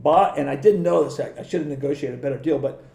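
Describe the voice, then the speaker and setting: A man's voice: a little high, fast, gravelly, mellow, reverberant. A middle-aged man, a guest on a podcast, telling rambling stories in a casual way, with many restarts. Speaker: guest, former pro surfer and surf industry rep. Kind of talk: casual storytelling.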